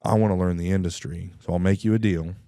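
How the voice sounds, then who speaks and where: Deep-voiced guy telling stories on a podcast, acts out the other people, clears his throat a lot, dry close sound. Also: no room sound. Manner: animated, acts out dialogue with quick voice shifts; frequent throat clearing and restarts. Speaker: guest telling his life story. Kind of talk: casual storytelling interview.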